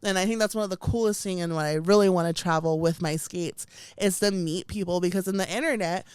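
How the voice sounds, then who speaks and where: A young woman co-hosting a casual podcast, telling an animated story full of "like"s and laughter. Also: on the low side, fairly quick, smooth, dry recording. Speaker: podcast co-host. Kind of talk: casual chat.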